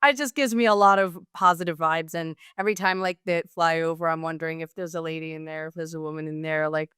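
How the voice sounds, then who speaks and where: A woman panelist on a news show, chatting casually in a gushing, animated way, full of "like" fillers. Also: deep voice, fast talker, smooth, no echo, studio quality. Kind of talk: casual chat.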